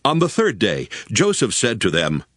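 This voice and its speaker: A man narrating scripture in a steady storytelling manner. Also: on the low side, moderate pace, no room sound, clean studio sound. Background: backing music.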